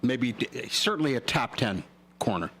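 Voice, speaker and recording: A man's voice: medium pitch, expressive, moderate pace, fairly bright tone, a little hiss or hum. An older man co-hosting a morning radio show, joking and telling stories in casual chat. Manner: jokey, storytelling. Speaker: radio co-host.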